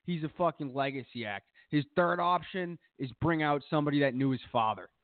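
A man's voice: on the high side, a little fast, no room sound. A man co-hosting a podcast, telling rambling stories in casual, profanity-heavy chat. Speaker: podcast co-host. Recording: tinny phone-like sound.

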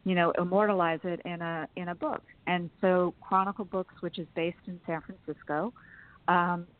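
In a phone interview, this woman relates long personal stories in a chatty way, laughing often, at a moderate pace. Her voice is fairly low and steady, and the dry recording carries a phone-line sound.

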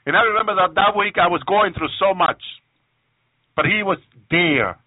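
A man's voice: high voice, dry recording, phone-quality sound. A man giving an emotional testimony sermon, often stopping to praise God and restarting his sentences. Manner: emotional, repeats praise phrases, halting restarts. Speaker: preacher on a radio program.

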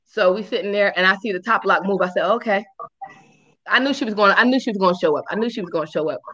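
Woman, podcast co-host, fast casual storytelling, profane, slightly muffled sound. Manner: animated, profane, acts out quotes in high squeals.

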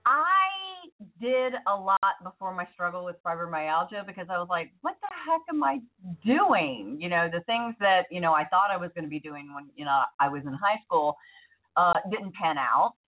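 A woman's voice: lowish voice, expressive, normal speed. A woman co-hosting a talk show, sharing personal stories in a candid, reflective way. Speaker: radio talk show co-host. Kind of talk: casual chat. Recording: tinny phone-like line.

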